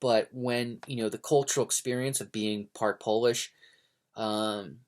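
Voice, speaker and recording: A man's voice: on the low side, fairly even intonation, a little slow. A man from the United States talking in a casual, rambling monologue, hesitant with many fillers, restarts and opinionated tangents. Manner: digressive, opinionated. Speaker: book vlogger.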